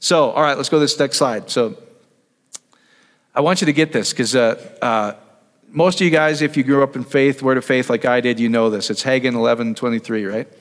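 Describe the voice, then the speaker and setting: A man preaches in a relaxed teaching sermon in an easygoing, mid-range voice. He keeps asking his listeners questions, trailing off and picking his thought back up. His words ring out with a long reverb across a church hall. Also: medium pitch, fairly quick. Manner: conversational, asks the audience questions, trails off and restarts.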